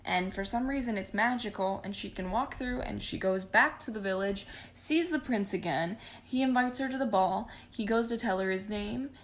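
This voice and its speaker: A woman's voice: mid-range voice, moderate pace, hardly any pauses. A young woman recapping a movie casually, sarcastic, profane and rambling. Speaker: vlogger.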